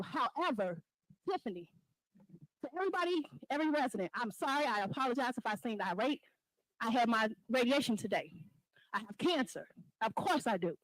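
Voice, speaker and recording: High-voiced woman, impassioned public comment. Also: no room sound, poor audio. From Dolton, Illinois area. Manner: impassioned, confrontational, addressing the mayor directly. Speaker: resident speaking at public comment. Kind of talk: public comment at a village board meeting. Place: village board meeting room.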